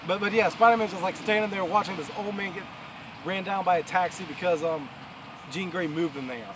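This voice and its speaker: Speaking at a normal speed with fairly even intonation, a high-voiced vlogger from New York rambles through a casual review outside, often restarting and filling gaps. Heavy machinery and traffic roar faintly but loudly behind him.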